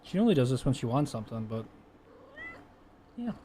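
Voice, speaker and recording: A man's voice: medium pitch, very animated, fairly quick, mellow, slight background noise. A man at home chatting to his cat by a desk microphone, coaxing and cooing at her in casual pet talk with offhand mutters. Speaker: streamer talking to his cat.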